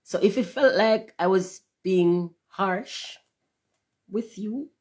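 A woman's voice: slow, husky. A woman talking candidly to her viewers in a casual livestream monologue, cursing freely and slipping into patois. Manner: candid, profane, swings between loud emphasis and low murmurs; drifts into patois phrasing. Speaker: channel host.

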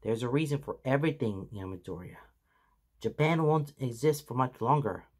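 A man voicing a weary, solemn older mentor hero in a fan fiction reading, speaking slowly and gravely. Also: mid-range voice, lightly acted. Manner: grave, slow and deliberate.

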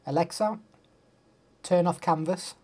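A man's voice: sits high, measured pace, dark tone. A young man chatting casually on a live stream, rambling and answering chat messages.

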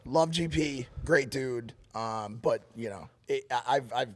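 A man co-hosting a podcast, telling a story in a casual, animated and profane way, acting out shouted quotes. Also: medium pitch, unhurried. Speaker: podcast co-host. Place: podcast studio.

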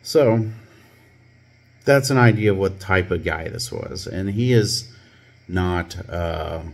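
A man with a slightly low voice, telling a personal story in an easy, conversational way. He is wry and plain-spoken, with plenty of ums and uhs. He sounds like a former police officer recounting his days on the force. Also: slow. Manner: conversational, wry, many fillers. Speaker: scuba channel host, former police officer. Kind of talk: casual storytelling.

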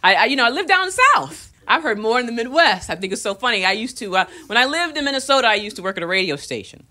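Animated woman doing stand-up. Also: fairly high pitch, fast talker. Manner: animated, swinging between loud punchlines and quiet asides. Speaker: stand-up comedian. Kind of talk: stand-up comedy set. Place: comedy club stage. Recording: live club recording, audience laughter and noise.

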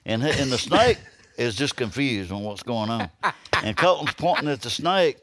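A man's voice: medium pitch, moderate pace, dry recording. A middle-aged man from Alabama with a Southern accent, telling a hunting story in casual podcast talk and acting out the quoted lines. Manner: lively yarn-spinner who acts out quoted lines. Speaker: podcast guest.

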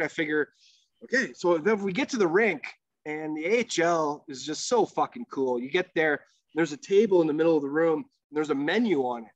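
A man with a slightly higher voice tells a long, rambling hockey story as a podcast guest. He swears casually and fills his sentences with "like" and "you know." The recording is dry and somewhat muffled, like lo-fi podcast audio. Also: lively intonation, fairly quick, no echo. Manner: profane, rambling storyteller with many fillers.

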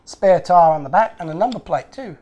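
A man's voice: high-pitched, lively intonation, brisk, mellow, muffled recording, slight background noise. An Australian man chatting casually while unboxing toy models as host of his channel, rambling and joking at his own expense. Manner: chatty, rambling, self-mocking jokes. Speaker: model car restorer and YouTuber.

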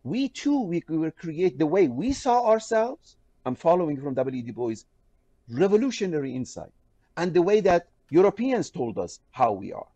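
A man from Iran, a professor and interview guest, talking about scholarship in a passionate, emphatic way with frequent restarts and lively swings in pitch. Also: no room sound. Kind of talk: animated scholarly discussion.

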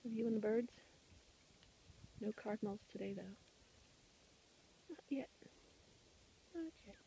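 A woman outdoors in a forest, softly coaxing a small animal with sing-song baby talk and whispers, recorded on a handheld camera. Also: a little high, fairly even intonation, measured pace. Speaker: vlogger feeding a wild animal. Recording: noisy outdoor camera audio.

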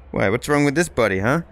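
Loud excitable male gamer trash-talking. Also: fairly high pitch, a little hiss or hum. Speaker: gaming YouTuber. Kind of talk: gameplay commentary.

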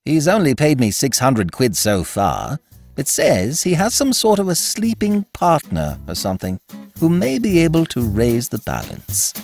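A man voicing a good-natured, easygoing English gentleman who talks in a mild bleating way. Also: mid-range voice, huge pitch swings, unhurried, gravelly, faint music behind, voice pushed up, heavily acted. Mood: chatty. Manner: bleating, pleading.

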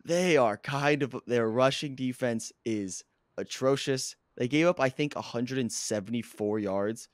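Hoarse, excitable male sports fan. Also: mid-range voice, unhurried, dry recording, clean studio sound. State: hoarse, lost his voice. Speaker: podcast co-host; coach. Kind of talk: casual sports chat.

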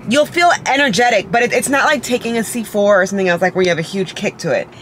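Young woman, casual vlog chat, upbeat, quick asides, handheld camera, light background noise. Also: medium pitch. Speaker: vlogger. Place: home, then car and store.

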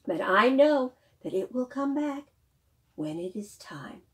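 A woman voicing a quiet, wise porcupine, speaking softly in a storybook reading. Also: fairly high pitch, very animated, slow pace, heavy background noise. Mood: hushed. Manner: soft, hushed.

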